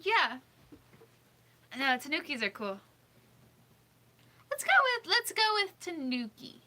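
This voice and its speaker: A woman's voice: sits high, sing-song, slow pace, bright, forceful tone. A woman hosting a casual livestream, reading out suggestions, giggling often and thinking aloud as she second-guesses pronunciations. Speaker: livestream host.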